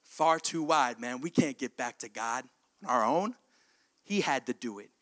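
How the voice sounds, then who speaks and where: A man preaching a sermon, telling a story in an animated way that sometimes drops to hushed, intimate tones. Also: mid-range voice, normal speed.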